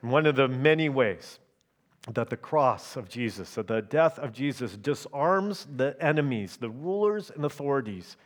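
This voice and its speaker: A man preaching a sermon in a measured, emphatic way, often checking in with his listeners through quick tag questions. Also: mid-range voice.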